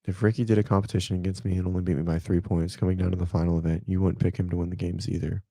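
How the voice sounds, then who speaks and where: A man's voice: sits low, little pitch movement, rapid-fire, gravelly, warm tone, no room sound, clean studio sound. A man in his thirties, a fitness coach and host, chatting casually on a livestream in a rambling, laid-back way and talking to viewers by name.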